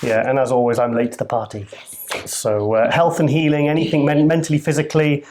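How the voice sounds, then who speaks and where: A man's voice: medium pitch, level tone, brisk, darkish tone, slight background noise. A man from Wales with a posh-sounding accent, co-hosting a casual chat show in a jokey, self-deprecating way. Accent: posh English-sounding. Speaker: co-host.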